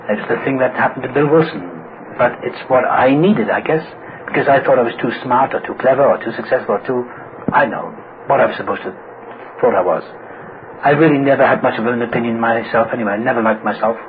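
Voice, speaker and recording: A middle-aged man speaking at a recovery meeting, telling his own story with humor and acting out the voices of people he quotes. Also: mid-range voice. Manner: animated, acts out quoted voices. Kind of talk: humorous personal storytelling talk. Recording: tinny phone-like old recording with hiss.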